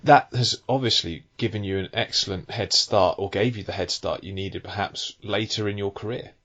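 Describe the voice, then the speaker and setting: A man's voice: on the low side, fairly even intonation, normal speed, a bit bright. A man hosting an interview, asking questions in a jokey, teasing way. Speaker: podcast host. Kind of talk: casual interview chat. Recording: dull lo-fi audio.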